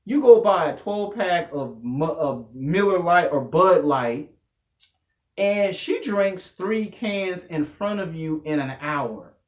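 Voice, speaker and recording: A man delivering a loud, profane comedic rant to camera, telling slangy stories as a vlogger. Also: on the high side, slow. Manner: loud, animated, slangy storytelling. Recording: echoey room, dull lo-fi audio.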